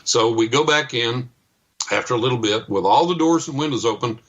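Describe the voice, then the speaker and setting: A middle-aged man telling a story as a guest on a radio interview, animated and acting out the other people's lines. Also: mid-range voice, fairly quick, muffled recording. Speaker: psychic and paranormal investigator, guest.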